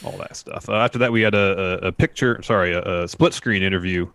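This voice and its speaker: A man's voice: sits low, brisk, fairly bright tone, clean tone, dry recording. A man co-hosting a wrestling podcast, recapping segments and paraphrasing what was said, with many "uh"s. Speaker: podcast co-host.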